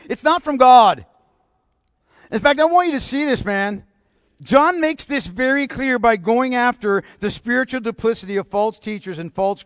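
Preacher, male, high-pitched, forceful sermon delivery with rhetorical questions, close and dry. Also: dry recording. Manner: bold, emphatic preaching with repeated rhetorical questions.

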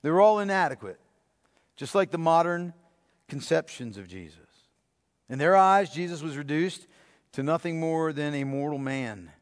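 A man preaching a sermon as pastor, emphatic, asking the congregation rhetorical questions and dropping to a hushed voice for effect. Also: on the high side, animated, normal speed, pauses often, in a large hall. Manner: dramatic drops to a hushed voice.

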